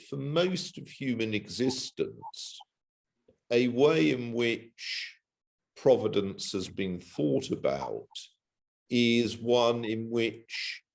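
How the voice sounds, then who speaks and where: A man speaking as a webinar panelist in an academic discussion, slow and deliberate, talking over a video call. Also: fairly low pitch, a little mellow.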